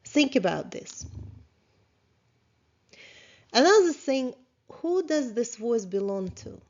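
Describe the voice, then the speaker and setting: Slow, calm woman therapist teaching. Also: on the high side. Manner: slow, calm, questioning, with small grammar slips of a non-native speaker. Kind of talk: guided self-reflection lesson. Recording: slightly dull lo-fi sound.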